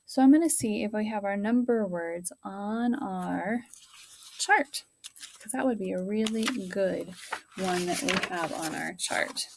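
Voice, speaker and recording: A woman teacher modeling a writing lesson for young children, talking slowly and sounding out words and counting aloud. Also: medium pitch, gravelly.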